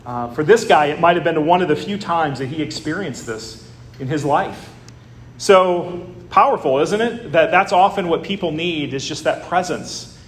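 Man preaching a sermon, higher voice. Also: moderate pace, reverberant. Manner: conversational preaching with frequent "uh" fillers. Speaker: pastor.

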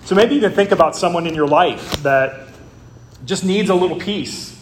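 A man's voice: high-pitched, moderate pace, reverberant, a little hiss or hum. A man preaching a sermon as a pastor, in a conversational way with frequent "uh" fillers.

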